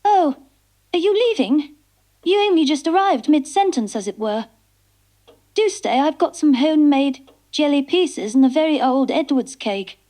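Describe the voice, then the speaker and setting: A woman's voice: high voice, lively intonation, a little slow, dark tone. A woman voicing a prim, genteel woman hostess in a coy, fussy way.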